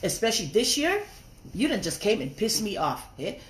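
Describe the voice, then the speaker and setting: Here is an angry woman in a roomy, echoing space, scolding and cursing at someone straight into her phone. She talks at an ordinary middle pitch. She mixes Tongan phrases into her English. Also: sing-song, moderate pace. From raised outside Tonga. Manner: profane, confrontational, scolding. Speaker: social media livestreamer. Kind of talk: angry livestream rant. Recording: roomy echo.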